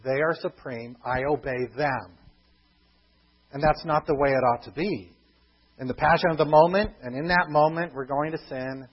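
A man preaching a sermon as pastor, earnest and emphatic, dropping to a hushed tone on key points. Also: a little high, moderate pace, breathy edge, highs cut off.

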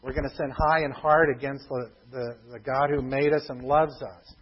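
A man preaching a sermon as pastor, earnest and emphatic, dropping to a hushed tone on key points. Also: mid-range voice, steady tone, moderate pace, muffled recording.

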